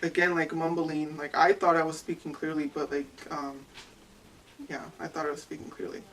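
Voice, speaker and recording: A young adult woman giving personal testimony as an interviewee, halting and full of "like" fillers. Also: low voice, little pitch movement, fairly bright tone, a little hiss or hum. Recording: distant mic with faint ambience.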